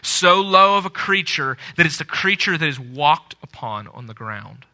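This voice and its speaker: A man preaching a sermon to a congregation, earnest, swelling loud on scripture quotes and dropping low at the ends of phrases. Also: very animated, normal speed. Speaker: pastor.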